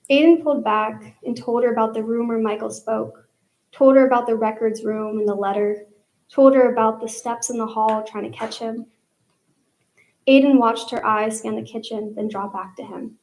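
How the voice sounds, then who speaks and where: A woman's voice: fairly high pitch, steady tone, moderate pace, a little mellow, low-quality recording. A young woman, a student, reading her own fiction aloud live and polling listeners by show of hands. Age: young adult. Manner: storytelling narration, polling the audience by raised hands. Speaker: student reader.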